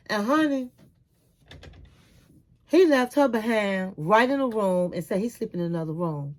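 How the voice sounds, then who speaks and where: A woman's voice: mid-range voice, expressive, moderate pace, pauses often, low-quality recording. A middle-aged woman giving chatty, candid commentary as she recaps a reality TV episode, often calling the listener "honey.".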